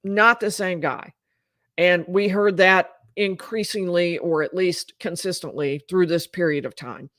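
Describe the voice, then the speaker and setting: A woman's voice: lowish voice, a little slow, fairly bright tone, no room sound, clean studio sound. A woman lawyer giving live legal commentary in an explanatory, emphatic way.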